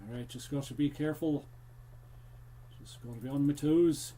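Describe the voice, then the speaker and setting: A man's voice: a little high, normal speed, warm tone. A young man streaming a horror game live, chatting to his viewers and drifting into a joking pirate-style accent. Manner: chatty, talks to the viewers while playing, drifts into a jokey pirate-ish accent. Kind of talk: casual live-stream commentary.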